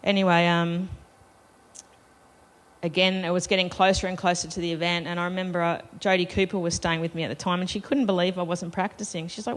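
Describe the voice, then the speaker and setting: A festival panel speaker with a fairly low, level voice talks briskly, telling a live audience a personal story. She's chatty and self-deprecating, laughing between lines.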